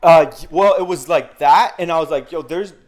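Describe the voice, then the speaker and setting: A man's voice: on the high side, normal speed. A man telling a story in casual podcast chat, swearing freely and acting out quoted dialogue. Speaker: podcast guest.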